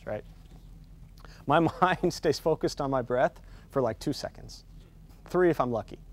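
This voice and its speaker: In a dry recording, a medium-pitched man leads a meditation teacher-training workshop. His style is conversational, with frequent "right?" check-ins as he builds intensity toward key points.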